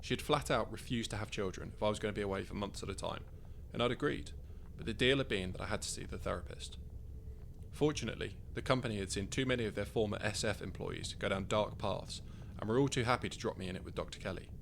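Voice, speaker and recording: A man's voice: fairly low pitch, quick pace, gravelly, slight background noise. A man narrating his own first-person short story in a wry, conversational way.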